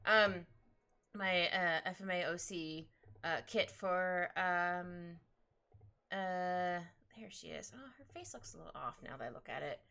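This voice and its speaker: Lively, bright-voiced woman streamer. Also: lowish voice, measured pace, clear, resonant tone. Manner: rambling, excitable, laughs often. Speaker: art streamer. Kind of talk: casual chat while drawing live. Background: faint background music.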